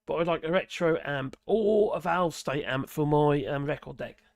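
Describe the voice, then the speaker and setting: A man with a Norfolk accent and a hoarse, gravelly voice, chatting casually on a live stream and reading out viewer comments in a rambling, muttering way. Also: on the high side, moderate pace, no room sound, studio quality. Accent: Norfolk English. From Norfolk, England. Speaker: livestream host reading chat.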